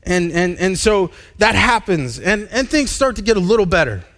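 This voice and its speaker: A man in his thirties, a pastor, preaching a candid personal testimony in a live church sermon, halting and restarting as he talks. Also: sits high, sing-song, a bit bright. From United States. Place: church sanctuary.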